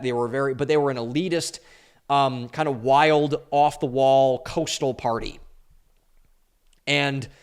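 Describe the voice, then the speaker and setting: A young man giving a solo commentary monologue as host of his podcast, speaking emphatically, drawing out stressed words with an opinionated energy. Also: mid-range voice. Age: young adult.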